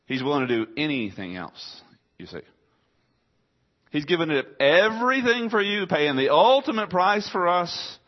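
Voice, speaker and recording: A man's voice: mid-range voice, dull audio. A man pastor preaching a conversational sermon, asking rhetorical questions and voicing his listeners' objections.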